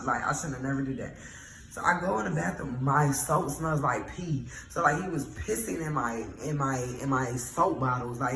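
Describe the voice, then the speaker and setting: A woman telling a storytime vlog in a casual, animated, exasperated way, swearing freely. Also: low voice, reverberant, slight background noise, low-quality recording.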